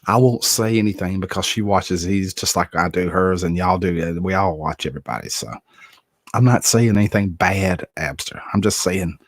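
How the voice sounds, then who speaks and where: Chuckling low-voiced man hosting a livestream. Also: normal speed, pauses often, no room sound, clean studio sound. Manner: chuckles often, greets viewers by name. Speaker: livestream host. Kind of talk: casual chat reading viewer comments.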